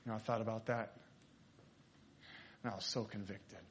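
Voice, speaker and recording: A man's voice: lowish voice, fairly even intonation, moderate pace, slight background noise. A man preaching, telling a story in a sermon and acting out the characters' lines.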